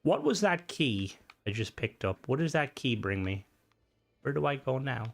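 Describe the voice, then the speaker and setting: Casual live gameplay commentary from a man whose mid-range voice is very animated, with vocal fry and a moderate pace. He chats with his viewers, swears without restraint, and reacts aloud to events in the game.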